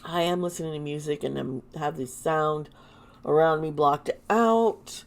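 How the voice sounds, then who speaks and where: A woman with a sore throat doing a casual tarot reading, halting and exclaiming as she turns the cards. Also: sits low. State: sore throat, lozenge in mouth. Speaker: tarot reader and channel host.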